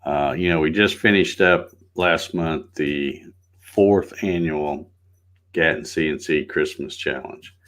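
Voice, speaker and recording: A middle-aged man hosting a casual morning livestream, greeting viewers by name in a relaxed, folksy way. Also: a bass voice, takes it slowly. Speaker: livestream host.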